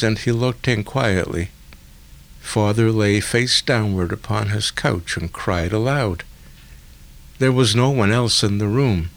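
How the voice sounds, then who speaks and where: A man narrating a literary story in a measured, deliberate way. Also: fairly low pitch. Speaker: audiobook narrator.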